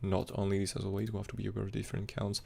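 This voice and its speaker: Fast-talking gravelly male crypto streamer. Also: fairly low pitch, completely flat delivery, warm tone. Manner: fast, rambling, non-native phrasing with fillers. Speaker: crypto chart analyst streamer. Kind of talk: live-stream technical analysis chat.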